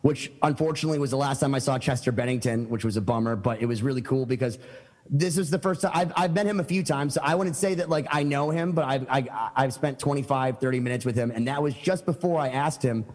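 A man's voice: mid-range voice, quick pace, a little mellow, in a large hall. A man telling stories as a podcast guest, eager and rambling, with many fillers and restarts. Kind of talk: casual storytelling chat.

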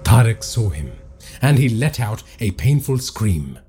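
A man narrating a horror story in a dramatic, expressive reading. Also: fairly low pitch, unhurried, loud music behind the voice.

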